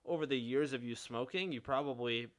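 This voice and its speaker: A man's voice: mid-range voice, fairly quick. A young man hosting a podcast in casual chat, laid-back, peppering his talk with swearing and fillers. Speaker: podcast host.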